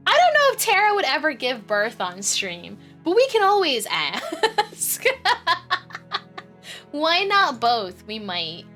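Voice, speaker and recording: A woman streamer with a bright, slightly high voice chats casually as she plays. She rambles, giggles often and swears freely. Faint game music sits underneath. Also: wildly swooping pitch, takes it slowly. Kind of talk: casual live-stream chat.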